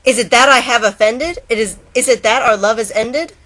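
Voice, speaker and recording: A woman voicing a lovesick male turtle in a storybook poem, her voice high and pleading. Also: moderate pace, bright, forceful tone.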